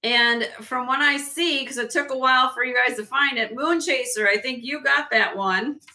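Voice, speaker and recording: A woman hosting a live jewelry sale stream in casual chat, laughing often and a little hoarse from losing her voice. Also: sits high, moderate pace, sharp tone. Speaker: host and jewelry seller.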